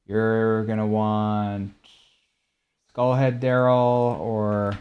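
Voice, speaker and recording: Young guy streaming, kinda low voice, chill and chatty, answering chat questions. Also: flat delivery, very slow, clean tone, lo-fi sound. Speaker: gaming streamer. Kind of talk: casual chat while showing game skins.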